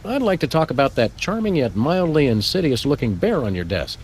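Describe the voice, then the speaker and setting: A man voicing a deadpan dog detective. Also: mid-range voice, fairly quick, slight background noise, natural voice. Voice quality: dry, deadpan. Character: deadpan canine detective, middle-aged. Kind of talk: video game voice acting.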